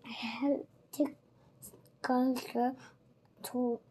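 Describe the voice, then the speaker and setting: A child narrating a storybook aloud, reading slowly and carefully. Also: high-pitched, level tone, dark tone, a little hiss or hum.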